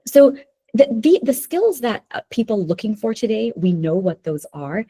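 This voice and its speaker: Over a video call, a woman presents a live webinar workshop, constantly checking in with listeners through "okay?" and "right?". Her voice is a little high, warm, and slightly rough, with big pitch swings at a normal speed.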